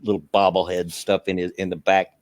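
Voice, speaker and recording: A man's voice: low voice, flat delivery, a little fast. A man in casual stream chat, easygoing and folksy, telling small stories and joking about himself.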